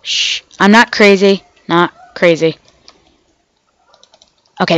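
A woman's voice: on the low side, slow pace, pauses often, fairly bright tone, no echo, highs cut off. A woman hosting a gaming channel, giving rambling casual commentary while she plays and talking to herself, sounding off because she is sick. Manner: rambling, chatty, talks to herself and the game animals.

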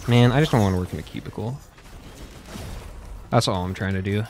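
A man's voice: on the low side, fairly quick, darkish tone, a little hiss or hum. A young man doing casual gameplay commentary, chatting to viewers with frequent swearing and laughter. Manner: profane, laughing, loose chatter. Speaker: YouTuber playing a game and talking to chat.

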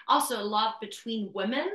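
A woman's voice: fairly high pitch, normal speed, sharp tone. A woman hosting a podcast interview, talking in a chatty casual way full of "like". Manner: chatty, peppered with "like". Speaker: podcast host. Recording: roomy echo.

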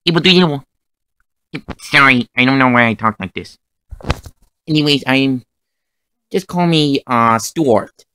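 A man voicing a strange, meek little cartoon creature in a fan-made cartoon, speaking awkwardly and apologetically. The voice is bright and bouncy in pitch, timid but chatty. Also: expressive, unhurried, long pauses, a little hiss or hum. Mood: odd.

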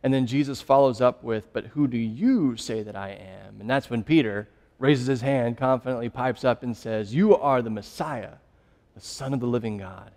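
A man's voice: medium pitch, moderate pace, a little mellow, big-room sound. A young adult man preaching a sermon as pastor, conversational and laughing often as he tells stories.

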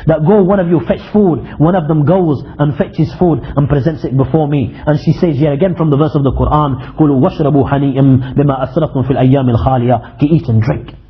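A man telling a religious story as a lecture, quickly reciting Arabic verses between English retellings. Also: fairly high pitch. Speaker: Islamic lecturer. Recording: dull lo-fi lecture recording.

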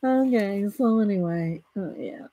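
A woman's voice: mid-range voice, unhurried, dark tone, dry recording. Chatty Southern woman demonstrating coloring. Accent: Southern American. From Southern United States. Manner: chatty, greets viewers by name, laughs easily. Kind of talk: casual live coloring tutorial, reading steps aloud.

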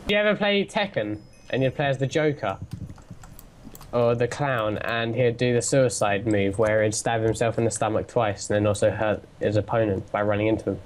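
A man's voice: fairly low pitch, normal speed, a little hiss or hum. A young man chatting casually while gaming, with a dry, sarcastic way of joking, on a headset mic. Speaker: co-player.

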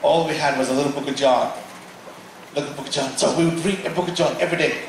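A man from Africa gives a sermon testimony as a guest preacher, telling a story with animated acted-out dialogue. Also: fairly high pitch, fast, gravelly. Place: large church auditorium. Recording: echoey hall, mic from far off, faint noise.

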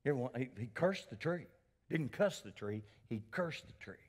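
In a mid-range voice at normal speed, a male pastor gives an animated sermon in a church sanctuary. He calls out for responses and speaks to people by name.

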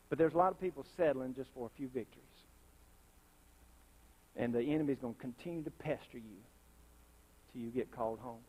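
A man in a church sanctuary preaching a sermon with real fire in it. His voice sits high and it keeps jumping up into loud, impassioned bursts. He keeps calling out to the congregation, asking for responses and a witness. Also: very animated, a little fast. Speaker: pastor.

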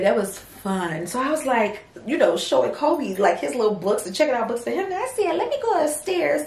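Casting: young woman, chatty home vlogger who keeps saying y'all. Mid pitch, roomy sound. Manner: chatty, addresses viewers as y'all and girlies. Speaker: vlogger and small business owner. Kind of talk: casual chat to camera. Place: home office room.

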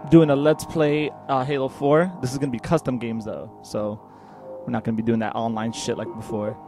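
A young man hosting a gaming video, chatting casually with friends, swearing freely and yelling when startled. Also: medium pitch, little pitch movement, a little fast, soft background music. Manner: swears a lot, yells in panic when startled. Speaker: let's play host.

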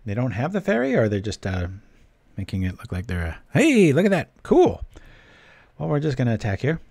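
A man's voice: fairly low pitch, very animated, quick pace, gravelly, a little mellow, no echo. A man giving casual gameplay commentary while reading his stream chat, chatty and joking. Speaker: streamer playing a card game.

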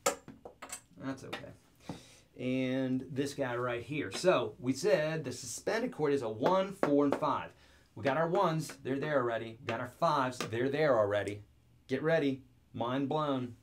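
A man's voice: mid-range voice, unhurried, slight background noise. A man teaching guitar chords in an online video lesson, upbeat and joking as he talks straight to the viewer.

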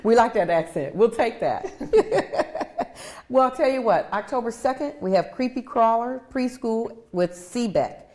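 A woman's voice: fairly high pitch, very animated, a little slow, darkish tone. Cheerful woman reading local events. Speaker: co-host of a county TV live show. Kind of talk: casual live show chat.

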